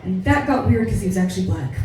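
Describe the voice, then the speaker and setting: An American woman doing a stand-up comedy set, with brash, profane, animated storytelling. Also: medium pitch, quick pace. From United States. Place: comedy club stage. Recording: echoey club from far off.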